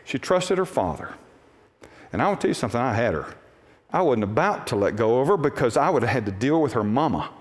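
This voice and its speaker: A man's voice: mid-range voice, very animated, fast talker. A male pastor preaching a sermon, telling homey stories and acting out the voices in them. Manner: folksy storytelling preacher, acts out voices in quotes. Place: church sanctuary. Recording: long reverb of a church hall.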